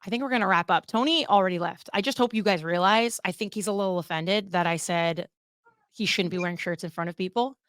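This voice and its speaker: A young woman hosts her own solo podcast, offering casual, candid commentary and swearing freely. Her voice sits on the low side, fairly bright, and she talks fast, recorded in studio quality without echo.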